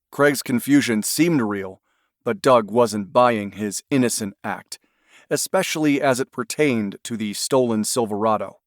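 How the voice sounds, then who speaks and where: Brief: male audiobook narrator, mid-pitched, dry close studio sound, measured delivery. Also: dry recording. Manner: steady, measured storytelling.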